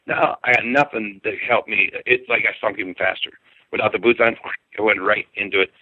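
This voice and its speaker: Man telling a story over a tinny phone line. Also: dry recording. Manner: halting, repeats words and restarts, pitch jumps when excited. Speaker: guest telling an encounter story. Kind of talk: casual first-person storytelling. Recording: dry phone-line audio.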